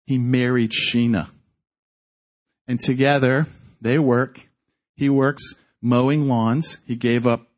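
Husky man preaching with rising fervor. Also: mid-range voice, darkish tone. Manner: acts out quotes, rising to intense fervor. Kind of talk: sermon storytelling.

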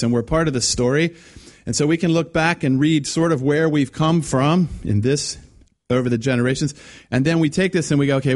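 A man's voice: mid-range voice, darkish tone. A man preaching a conversational sermon, acting out quoted voices with many restarts. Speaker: guest preacher.

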